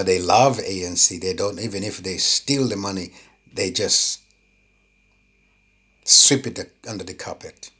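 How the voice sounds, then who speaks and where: A man's voice: sits low, fairly bright tone, husky. A man giving an impassioned opinion monologue, indignant and full of rhetorical questions, stumbling over repeated words when heated. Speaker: political commentator.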